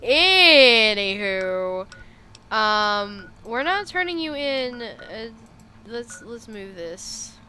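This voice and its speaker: A woman's voice: fairly high pitch, sing-song, drawn-out words, pushed and bright, faint music behind. A woman streamer giving casual, joking gameplay commentary and laughing often. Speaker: game streamer.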